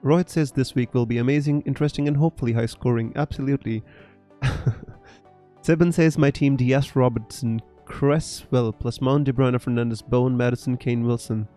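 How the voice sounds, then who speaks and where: A man's voice: medium pitch, steady tone, moderate pace, mellow, soft background music. A man from Punjab with a Punjabi Indian English accent, chatting casually on a live stream and reading out viewer questions in an easygoing, chatty way. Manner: chatty, easygoing, peppered with "you know" and "bro". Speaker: fantasy football streamer.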